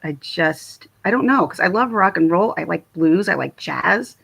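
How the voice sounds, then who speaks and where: A middle-aged woman with a Philadelphia accent talks to her viewers in a loose, rambling livestream chat. Her voice has a gravelly fry and a husky edge. She laughs a lot and often breaks off mid-sentence to start again. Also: fairly low pitch, expressive, moderate pace, fairly bright tone. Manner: chatty, laughs often, trails off and restarts. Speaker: livestream host. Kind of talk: casual livestream chat answering viewer comments. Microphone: phone or webcam livestream.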